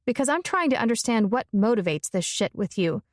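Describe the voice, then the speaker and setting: A woman's voice: on the high side, very animated, brisk, no echo, studio quality. A woman narrator voicing a blunt, fiery young woman, speaking emphatically and forthrightly.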